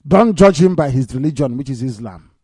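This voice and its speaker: A man's voice: mid-range voice, animated, brisk, mellow, husky, no room sound. A man with a Nigerian Igbo accent giving mocking news commentary on the radio, laughing often and swinging into indignant outbursts. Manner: sarcastic, laughs often, mixes Igbo into English. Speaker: radio broadcaster.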